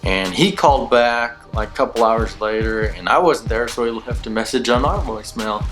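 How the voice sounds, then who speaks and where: A man's voice: mid-range voice, normal speed, a bit bright. A man hosting his own channel, telling his personal testimony in a rambling, laid-back way, full of "you know" fillers. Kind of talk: casual personal testimony storytelling. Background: background music.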